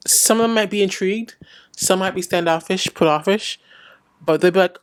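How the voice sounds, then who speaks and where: A woman's voice: medium pitch, normal speed, smooth. Frank, blunt young woman giving advice. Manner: frank and blunt, acts out little dialogues. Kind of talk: casual vlog advice.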